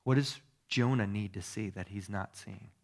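A man giving a sermon as a pastor, teaching in a conversational way, checking in with his listeners through tag questions and moving between soft asides and emphatic stresses. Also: lowish voice, moderate pace, vocal fry.

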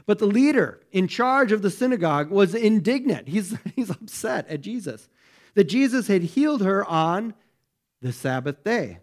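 A man gives a sermon as pastor, his voice sitting a little higher than most men's. He talks to the congregation conversationally. He keeps checking in with rhetorical questions. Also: very animated, normal speed. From United States. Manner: conversational, many rhetorical questions and "right?" tags.

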